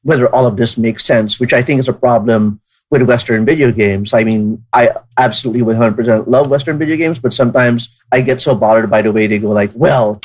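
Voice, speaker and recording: A man in a relaxed podcast chat, with a voice of ordinary middle pitch. He talks at length and keeps thinking out loud, restarting his sentences as he goes. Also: fairly quick, poor audio. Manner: talkative, thinks aloud with many restarts. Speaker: podcast co-host.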